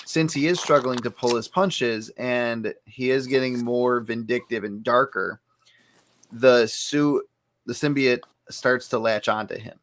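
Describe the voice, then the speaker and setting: A man co-hosting a casual podcast, relaxed and laughing often as he lays out long fan theories. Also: mid-range voice, measured pace. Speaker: podcast co-host. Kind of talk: casual chat.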